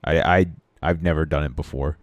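A man's voice: very deep voice, fairly even intonation, a little fast, no room sound. A man co-hosting a podcast, chatting casually and easygoing, often trailing off and restarting his sentences. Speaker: podcast co-host. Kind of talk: casual chat.

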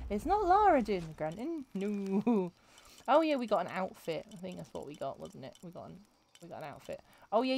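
A woman's voice: medium pitch, vocal fry, a little mellow. A woman, chatting and joking to herself while streaming a video game. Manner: chatty, jokey, talking to herself. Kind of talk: casual gameplay commentary.

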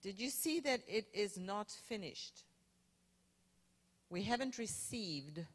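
A woman's voice: medium pitch, expressive, slow pace, big-room sound. A woman, a guest preacher teaching from scripture with playful emphasis. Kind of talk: sermon. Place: church sanctuary.

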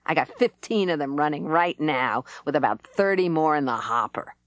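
A woman's voice: deep voice, animated, normal speed, no echo. Woman doing a growling surly male guard. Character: gruff middle-aged male prison guard.

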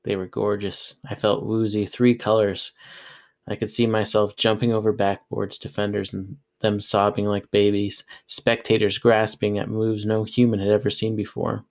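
Low-voiced man reading a novel aloud. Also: normal speed, vocal fry. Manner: steady, plain storytelling. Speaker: audiobook reader.

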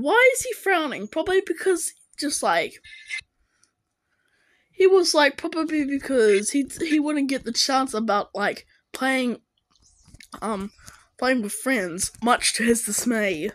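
A young woman giving casual reaction commentary to animated videos, exclaiming and firing questions at the characters on screen. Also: high-pitched, poor audio.

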